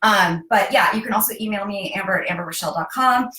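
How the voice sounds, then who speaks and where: A woman's voice: mid-range voice, sharp tone. Reassuring woman life coach, roomy sound. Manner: reassuring and encouraging, stretches key phrases slowly. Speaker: life coach, host of the live stream. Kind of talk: casual live-stream chat with a program pitch. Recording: roomy echo.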